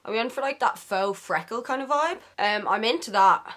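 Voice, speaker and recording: A woman's voice: fairly high pitch, expressive, normal speed, a bit bright. A young woman with an Irish accent chatting casually through a get-ready-with-me vlog in her bedroom, playful and slangy, tossing in silly made-up words. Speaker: beauty vlogger.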